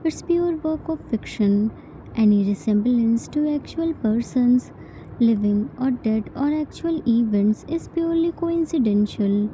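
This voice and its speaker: A woman reading a fan-fiction story aloud as its narrator, in a slow, careful manner. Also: fairly high pitch, dark tone, slight background noise.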